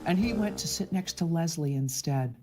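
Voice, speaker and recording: Expressive woman reading a storybook aloud. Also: sits low, moderate pace. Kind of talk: storybook read-aloud for English learners. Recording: background music.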